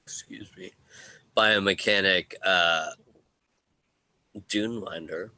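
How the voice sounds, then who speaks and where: Male game master, very low voice, slow and halting, forceful tone, dry close sound. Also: steady tone, no room sound, low-quality recording. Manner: halting, pausing narration. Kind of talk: narrating a tabletop game.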